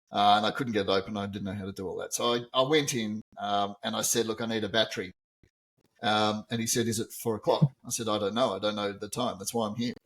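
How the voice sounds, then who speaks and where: A man's voice: fairly low pitch, fairly bright tone. Chuckling joking man co-host. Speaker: co-host, teacher. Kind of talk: casual podcast chat.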